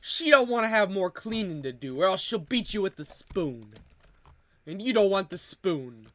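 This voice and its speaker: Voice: mid-range voice, big pitch swings, moderate pace, no echo, lightly acted. Someone putting on a brash Italian-American storyteller. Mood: mock-stern. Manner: choppy exaggerated Italian-American accent, comic bits. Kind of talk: comedy bits during a game stream.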